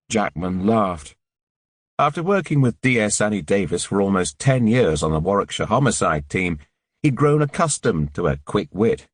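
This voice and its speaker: A man reads a thriller audiobook in a measured, sombre way. His voice sits very low, recorded close in a dry booth. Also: very animated, husky, dry recording. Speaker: audiobook narrator. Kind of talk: scripted narration.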